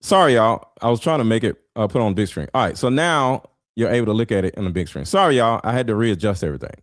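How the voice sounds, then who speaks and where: A man doing casual, blunt reaction commentary as a streamer, full of slang and loud laughing outbursts. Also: lowish voice, expressive, quick pace, no room sound, clean studio sound.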